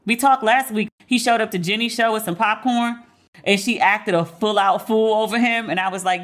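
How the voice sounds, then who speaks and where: A woman's voice: a little high, steady tone, normal speed, a bit bright. Frank, gossipy woman podcast host. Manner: candid, gossipy, blunt with profanity; playful, frank about her crushes. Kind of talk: casual pop-culture commentary.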